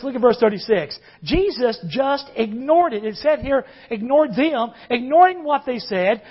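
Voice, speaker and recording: A man preaching a sermon, earnest, drawing out key phrases slowly. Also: very high voice, slightly rough. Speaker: pastor. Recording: dull lo-fi recording.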